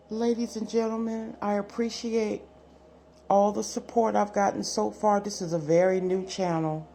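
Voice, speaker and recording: A woman's voice: mid-range voice, steady tone, normal speed, gravelly, warm tone, a little hiss or hum. A woman doing a casual general tarot reading to camera, chatty and self-assured, often repeating her phrases. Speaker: tarot card reader.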